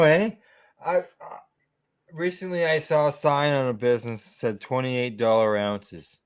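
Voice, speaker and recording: A man's voice: fairly high pitch, no room sound, clean studio sound. A man hosting a casual chat over a video call, talking in a rambling way full of asides. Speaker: host.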